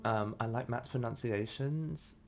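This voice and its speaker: A man's voice: medium pitch, a little slow, soft background music. A man streaming live as he opens trading card packs, reading chat aloud and fumbling over names. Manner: chatty, reacts to pulls and reads chat; unsure of pronunciations, laughs often. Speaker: streamer opening trading cards.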